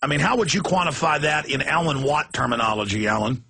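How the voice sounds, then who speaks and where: Intense, bright-voiced male talk host. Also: fairly high pitch, lively intonation, breathy edge. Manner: rapid, impassioned, ranting. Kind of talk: heated political talk.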